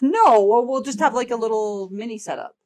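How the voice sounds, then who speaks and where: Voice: mid-range voice, fairly quick. A podcast co-host chatting enthusiastically about wine and leading the talk into each new bottle. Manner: chatty, enthusiastic, leads the segments. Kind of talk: casual chat.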